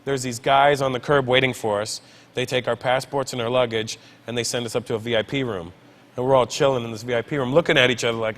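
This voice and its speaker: A man's voice: medium pitch, fast. A male comedian telling a funny story as a guest on a talk show, acting out the people in it. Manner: animated storytelling, voices the people he quotes. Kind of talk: comic anecdote on a talk show.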